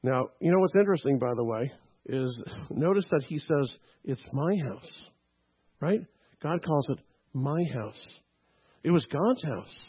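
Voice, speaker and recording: Lively preacher checking in with listeners. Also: male voice, on the high side, measured pace, husky, highs cut off. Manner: teaching tone, frequent "okay?" and "right?" checks. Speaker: pastor. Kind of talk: sermon.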